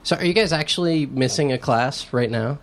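Male radio host, relaxed interviewer with offhand jokes, faint hiss. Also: medium pitch, fairly quick. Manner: offhand, joking questions. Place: radio studio.

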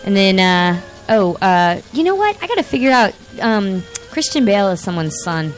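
A woman in her thirties hosting a casual chat show, rambling and excitable with lots of fillers. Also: medium pitch, moderate pace, faint music behind. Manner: excitable, animated outbursts. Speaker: podcast host.

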